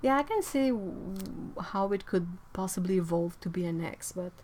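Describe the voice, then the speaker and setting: Woman, casual streamer chat, playful, laughs easily, mid-pitched. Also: lively intonation, normal speed, darkish tone, slight background noise. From Quebec, Canada. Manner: chatty and playful, with frequent laughs and self-corrections. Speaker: artist livestreaming. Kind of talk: casual livestream chat answering viewers.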